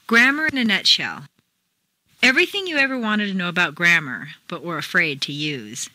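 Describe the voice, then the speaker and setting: A woman's voice: lowish voice, very animated, normal speed, sharp tone, no echo, poor audio. A woman with an American accent reading a scripted pronunciation lesson, carefully enunciating each model sentence. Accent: General American. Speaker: accent teacher.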